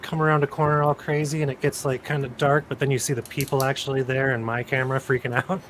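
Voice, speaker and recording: A man's voice: medium pitch, level tone, fast talker, fairly bright tone, a little hiss or hum, low-quality recording. A man co-hosting a casual live-streamed drone chat, laid-back and explaining his ideas step by step. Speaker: co-host.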